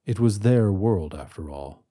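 A man in scripted narration of a science fiction story, telling it in a measured, dramatic way on a close mic. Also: deep voice, expressive, mellow, dry recording.

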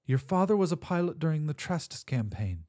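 Male reader as injured woman starship captain, high, mellow, steady commanding orders. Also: brisk. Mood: calm. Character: wounded calm female starship captain.

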